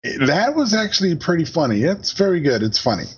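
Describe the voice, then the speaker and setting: Male guest, slightly husky, dull lo-fi recording, casual storyteller who mimics his kid. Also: very animated, fairly quick. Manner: acts out his daughter's lines in a higher voice. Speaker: podcast guest, father.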